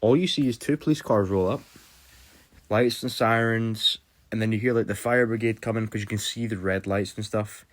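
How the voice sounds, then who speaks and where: Rambling young man, lowish voice. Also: normal speed. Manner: casual, rambling, full of fillers and swearing. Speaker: vlogger. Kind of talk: storytime vlog.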